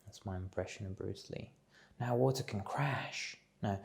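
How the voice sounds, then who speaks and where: A man at home giving a reflective solo talk, measured and musing as he thinks aloud. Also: on the low side, creaky. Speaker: speaker on self-development.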